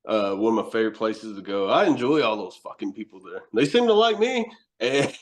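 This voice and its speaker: A man's voice: fairly low pitch, very animated, fairly quick. Profane man telling wild stories. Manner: profane, rambling, laughs often. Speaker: guest, wrestler and horror host. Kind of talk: casual storytelling chat.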